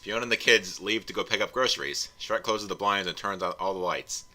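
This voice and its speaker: A man with a very low voice and a sharp, bright edge reads a bad fan story aloud for laughs. He keeps it deadpan and drops wry asides between the lines. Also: brisk. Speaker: fanfiction reviewer reading aloud. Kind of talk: comedic read-through.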